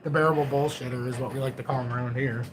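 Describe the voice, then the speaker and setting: A man's voice: mid-range voice, fairly even intonation, racing, background noise. A man in his forties hosting a crypto livestream, chatting casually in a rambling, joking, self-mocking way. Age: 40s.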